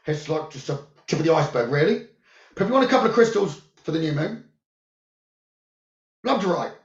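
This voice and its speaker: A man who works as a psychic medium, giving calm, soothing spiritual guidance about the new moon, crystals and journaling. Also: on the high side, brisk. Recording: roomy, dull lo-fi sound.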